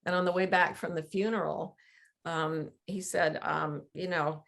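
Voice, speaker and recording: A woman's voice: fairly low pitch, fairly even intonation, normal speed, vocal fry, a bit bright. A middle-aged woman, a guest author, earnestly telling a personal story in conversation, acting out quoted dialogue.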